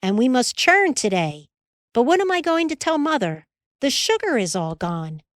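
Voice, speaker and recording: A woman voicing a bossy, nagging teenage older sister with a hurried, scolding, shrill manner. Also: sing-song, no echo, studio quality. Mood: worried.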